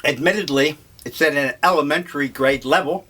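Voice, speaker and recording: An older man talking over breakfast in a slow, musing, rambling monologue. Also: fairly high pitch, sharp tone, breathy edge. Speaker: vlogger.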